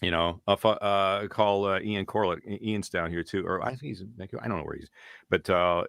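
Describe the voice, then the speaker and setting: A man being interviewed about his voice-acting work, telling lively stories and dropping into voices now and then. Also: low-pitched, a little fast, creaky, dry recording. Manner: animated storyteller, slips into character voices. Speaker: voice actor guest. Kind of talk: casual interview.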